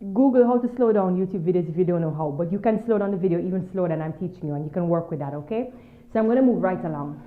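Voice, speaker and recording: A woman teaching a dance move, coaching and counting beats as she dances, a little out of breath. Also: medium pitch. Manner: upbeat, coaching, counts beats while dancing; slightly out of breath from dancing. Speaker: dance instructor. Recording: tinny, phone-like sound in an echoey room.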